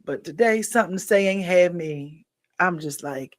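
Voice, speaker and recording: A woman's voice: fairly low pitch, expressive, moderate pace. Tired, chatty woman livestream host. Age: adult with a daughter. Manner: chatty, encouraging, loose slangy talk. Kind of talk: casual sign-off chat with viewers.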